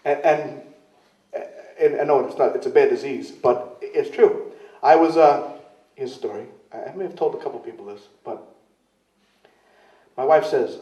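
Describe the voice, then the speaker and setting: A man's voice: fairly high pitch, big pitch swings, normal speed, long pauses, dark tone. A man telling rambling, self-mocking stories in a casual interview, often mimicking other people's voices as he quotes them. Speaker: interview guest, wrestler. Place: club venue in London. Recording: roomy, distant, dull sound.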